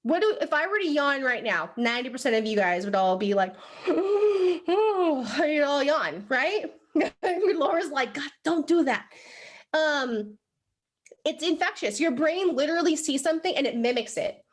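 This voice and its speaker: A young woman giving a motivational training talk to a live group, animated and chatty, full of "like" and "right?". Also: high voice, normal speed. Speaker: sales team trainer. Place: room with a live audience.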